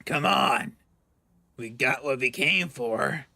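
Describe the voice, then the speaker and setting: A player voicing a gruff, gravelly male detective in a story game, speaking in curt, menacing lines. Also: mid-range voice, sing-song, unhurried, bright, forceful tone, no room sound, full character voice.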